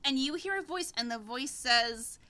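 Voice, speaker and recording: A woman's voice: high voice, expressive, moderate pace, sharp tone. A woman narrating as game master in a tabletop game, rambling, swearing freely and laughing often.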